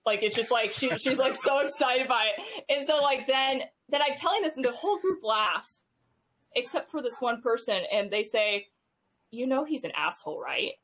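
Thirties woman, podcast guest, chatty and halting, lots of fillers. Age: 30s. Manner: halting, many fillers, rises in pitch when animated. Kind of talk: casual conversational storytelling.

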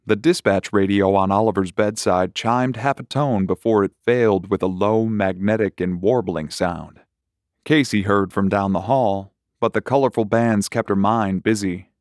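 A man reading a horror short story aloud in a measured, unhurried way. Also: fairly low pitch, a little mellow, dry recording, studio quality. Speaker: narrator. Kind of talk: scripted horror story narration.

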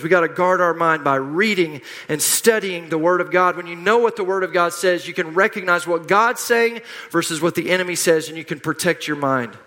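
Man, pastor, sermon, forceful tone, emphatic repetition, reverberant church hall. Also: fairly high pitch. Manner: emphatic, repetitive, leads call-and-response.

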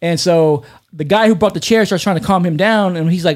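A man in his fifties, a podcast host telling stories in casual chat, animated, swearing and laughing often. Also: high voice, a little fast, hardly any pauses.

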